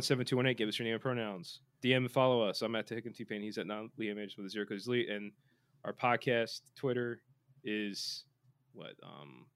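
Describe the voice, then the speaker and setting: A man's voice: fairly low pitch, clean tone. A man co-hosting a podcast in casual chat, joking and playful, reading listener messages aloud. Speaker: podcast co-host.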